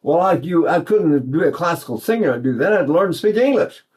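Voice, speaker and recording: Older guy from east texas teaching singing, kinda high voice, rambles and restarts a lot. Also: lively intonation, a little fast, darkish tone. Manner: rambling, folksy, many restarts and fillers. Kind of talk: singing lesson with sung demonstrations.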